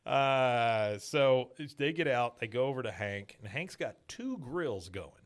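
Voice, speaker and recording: A man's voice: medium pitch, expressive, a little slow. Man recapping an episode, chatty. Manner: chatty, quotes characters in passing. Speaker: podcast host.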